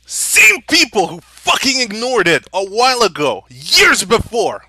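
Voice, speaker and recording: A young man delivering an angry, profanity-filled vlog rant and shouting at times. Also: high voice, no room sound, clean studio sound. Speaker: vlogger.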